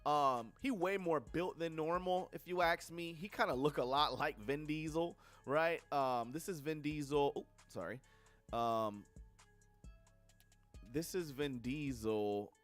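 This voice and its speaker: A man's voice: a little high, unhurried, a bit bright, faint music behind. Blunt, profane young man ranting. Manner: blunt and profane, with slangy asides. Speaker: film reviewer on livestream. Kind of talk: casual movie review rant.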